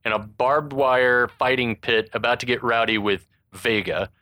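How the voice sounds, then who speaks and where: A man's voice: mid-range voice, steady tone, a little slow, sharp tone, no echo. A man recapping a movie scene by scene in casual chat with friends, loose and joking, with lots of ums. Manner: loose and joking, with frequent ums and bursts of laughter. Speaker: podcast host recapping a movie.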